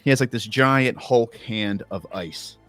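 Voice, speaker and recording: A man's voice: mid-range voice, unhurried, a bit bright, soft background music. A man narrating a tabletop game as game master, describing scenes in a casual, rambling way full of likes and uhs.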